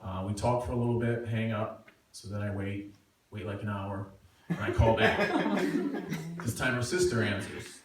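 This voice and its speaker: A man's voice: on the low side, unhurried. Self-mocking man telling a story in an echoey room. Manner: self-mocking, animated, acting out quotes. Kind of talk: live personal storytelling. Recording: echoey room, far from mic, faint noise.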